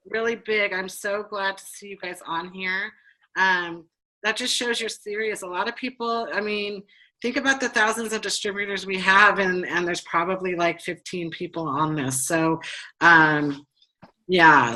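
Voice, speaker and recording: A woman's voice: mid-range voice, fairly even intonation, measured pace, sharp tone, rough recording. A woman leading a team training over a video call, chatty and bubbly with lots of fillers. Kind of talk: casual chat.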